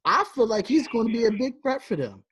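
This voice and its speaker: Female host, husky voice, lively pitch, loose laughing sports chat. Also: a little fast. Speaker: podcast host.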